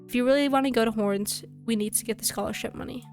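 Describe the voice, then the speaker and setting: Woman reading as a sappy proud game dad, earnest, higher voice than a dad. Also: fast, faint music behind, close to an everyday voice. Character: warm earnest single dad, proud father.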